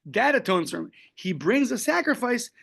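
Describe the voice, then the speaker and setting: A man's voice: very high-pitched, very animated, moderate pace, vocal fry, a bit bright, husky. A man teaching a daily Talmud class, explaining the text step by step, quoting Aramaic and Hebrew phrases and joking lightly along the way. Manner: casual, joking asides.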